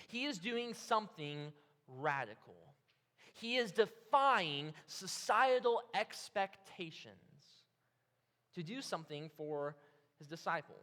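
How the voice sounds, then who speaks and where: Male preacher, high and bright, animated storyteller, reverberant hall. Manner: animated storytelling, acts out the disciples' reactions. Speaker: pastor. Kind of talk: sermon.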